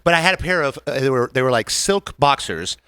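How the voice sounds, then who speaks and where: A man's voice: medium pitch, lively intonation, fairly quick, pushed and bright, smooth, no room sound. A man co-hosting a podcast, telling crude jokes and stories in casual banter. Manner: crude, joking storyteller. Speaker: podcast co-host.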